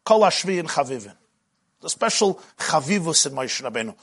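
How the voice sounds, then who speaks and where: A male rabbi teaching a Torah class, speaking a flavor. His husky voice sits fairly high for a man and swings widely in pitch. He grows animated and at times rises to shouting as he tells the story. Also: a little fast. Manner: animated, rises to shouting when retelling the midrash. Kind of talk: lively Torah lecture.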